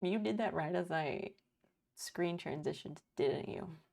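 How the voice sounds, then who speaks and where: A woman in her thirties chats on a live stream, rambling and swearing freely as she reads her chat aloud. Her voice is gravelly with a dark, mellow tone. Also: fairly low pitch, a little slow. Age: 30s.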